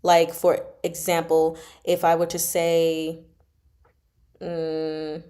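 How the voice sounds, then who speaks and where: This Mandarin teacher runs a casual livestream, speaking in a low, warm voice that's monotone and stretches out her words. She's chatty, catches and corrects herself, and demonstrates the tones aloud while explaining them.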